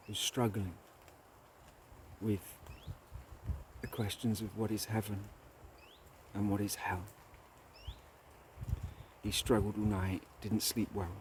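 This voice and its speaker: A man's voice: lowish voice, slight background noise. A man hosting a solo show, telling a parable and reading from his own book in a reflective, meandering way. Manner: slow, reflective, jumps between topics. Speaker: podcast host. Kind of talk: monologue with storytelling and book reading.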